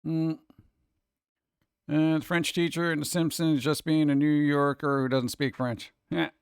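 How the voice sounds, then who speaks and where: A man's voice: fairly high pitch, little pitch movement, unhurried, creaky, clean tone, no room sound. Casual streamer guy reading chat, rants with rhetorical questions, dead-dry room. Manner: chatty, ranting, rhetorical questions.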